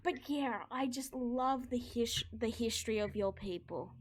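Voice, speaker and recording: A woman voicing an excitable, nervous male flying centaur who gushes and stammers in a tabletop game. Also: fairly high pitch, a little slow, slight background noise, lightly acted. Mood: gushing. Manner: gushing, stammering, panicky.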